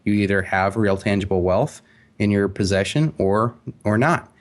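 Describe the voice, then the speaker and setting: A man speaking as an interview guest, emphatic and animated, with frequent fillers and restarts. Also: on the low side, normal speed. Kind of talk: casual interview talk.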